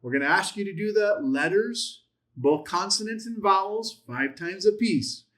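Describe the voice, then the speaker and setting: A man's voice: high-pitched, expressive, moderate pace, fairly bright tone. A man teaching a Bible class in a methodical way, listing terms, repeating points and asking rhetorical questions.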